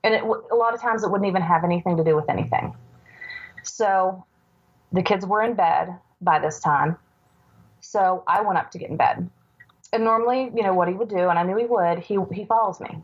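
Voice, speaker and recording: A woman in her forties, a podcast guest, earnestly recounting a personal story with halting restarts. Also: mid-range voice, slightly rough. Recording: dull lo-fi recording.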